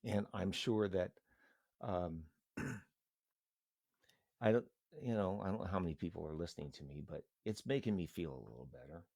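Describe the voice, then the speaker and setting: Low-voiced middle-aged guy rambling earnestly on a stream, dry close sound. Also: creaky, warm tone, dry recording. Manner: earnest, halting, rambling with restarts. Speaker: live streamer. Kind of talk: casual emotional live-stream talk.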